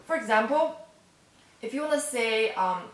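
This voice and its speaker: A woman's voice: on the high side, expressive, moderate pace, distant mic. Friendly woman teacher in a roomy space. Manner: friendly, often ends phrases with "okay?" and "right?". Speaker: language teacher. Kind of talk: casual online lesson. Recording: roomy, voice set back from the mic.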